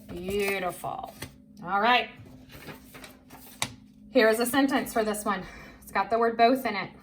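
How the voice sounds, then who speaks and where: A woman's voice: mid-range voice, measured pace, a little hiss or hum. A woman teacher leading a children's reading lesson, patient and encouraging, spelling words out letter by letter.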